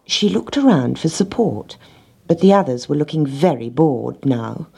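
Husky low woman reading a storybook. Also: expressive, measured pace, warm tone. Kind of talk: storybook read-aloud.

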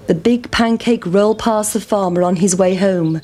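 A woman reading a children's story aloud in a clear, measured voice. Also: mid-range voice, mellow, a little hiss or hum.

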